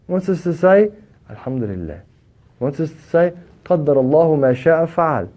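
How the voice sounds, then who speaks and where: A man with an Australian accent teaching a religious lesson, lively and full of rhetorical questions, rising loud then dropping quiet. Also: a little high, moderate pace. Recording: dull lo-fi recording.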